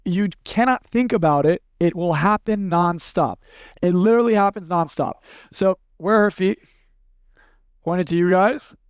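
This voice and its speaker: A man leading a live seminar workshop, talking bluntly and casually, running demonstrations with volunteers and slipping into quick acted snippets. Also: high-pitched, smooth, dry recording, clean studio sound. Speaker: seminar speaker.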